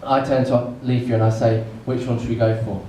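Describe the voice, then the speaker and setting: A man doing a stand-up comedy set on a club stage, telling a story with comic pauses. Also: mid-range voice, flat delivery, warm tone. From England. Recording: echoey room, mic far off, noisy.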